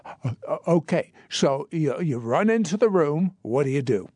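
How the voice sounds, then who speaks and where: A man's voice: on the high side, animated, normal speed, darkish tone, breathy edge, dry recording, clean studio sound. A man hosting an interview, asking probing and lightly amused follow-up questions of his guest. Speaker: show host interviewing a guest.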